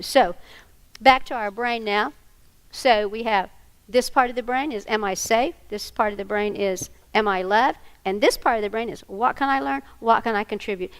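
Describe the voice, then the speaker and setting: Animated woman, gravelly edge. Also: medium pitch, rough recording. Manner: animated, acts out scenes with volunteers. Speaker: workshop presenter. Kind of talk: training workshop talk. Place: conference room before an audience.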